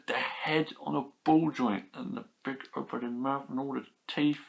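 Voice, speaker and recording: A young British man chatting casually about his toy haul, enthusiastic and rambling, with quick asides. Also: medium pitch, fairly even intonation, gravelly. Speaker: toy collector vlogger. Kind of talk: casual chat.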